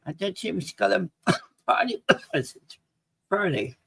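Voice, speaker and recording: A man's voice: high voice, expressive, takes it slowly, gravelly, a bit bright, husky, dry recording. A man co-hosting a casual sports live stream, answering with dry, short replies. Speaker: co-host.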